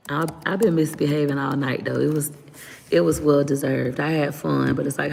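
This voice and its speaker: A woman's voice: low voice, creaky, a little mellow, breathy edge, big-room sound. A woman in her thirties talking casually on a livestream, blunt and candid, venting openly to her viewers. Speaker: livestream host.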